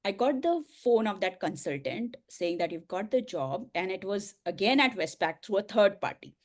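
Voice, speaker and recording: A middle-aged woman, a coach and speaker, telling a personal story in an interview, earnest and emotional with soft laughs. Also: mid-range voice, expressive, moderate pace.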